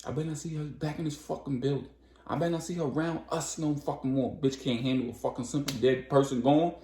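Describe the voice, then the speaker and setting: A man's voice: fairly even intonation, quick pace, dark tone, roomy sound, slight background noise, close to an everyday voice. A man voicing a ruthless female crew boss who curses harshly and talks down to others. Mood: contemptuous. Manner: harsh, profane, raised pitch.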